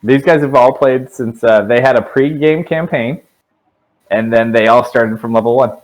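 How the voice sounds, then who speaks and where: A man's voice: mid-range voice, moderate pace, rough recording. A young man running a tabletop game as dungeon master, joking with his players.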